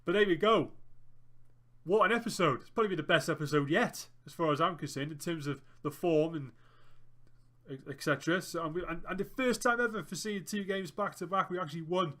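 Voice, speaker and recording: Excitable lad narrating his game. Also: on the high side, fairly quick. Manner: excitable, groans and cheers at the match. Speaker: gaming YouTuber. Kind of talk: let's play commentary.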